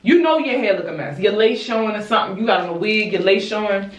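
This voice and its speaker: A young woman from Baltimore tells wild stories while fixing her hair, dramatic and blunt, swearing as she goes. Her voice sits at an ordinary middle pitch. The camera mic picks her up from a few feet off, in a room with plenty of echo. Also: fast talker. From Baltimore, USA. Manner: animated, dramatic, blunt, swears freely, talks to viewers as y'all. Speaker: YouTuber. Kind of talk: casual storytime chat while doing her hair. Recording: roomy echo, distant mic.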